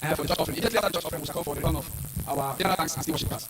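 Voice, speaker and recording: A man, preaching and giving announcements in a church, talking quickly with sudden high exclamations. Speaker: minister. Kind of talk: sermon and announcements. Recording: distant mic with loud music behind.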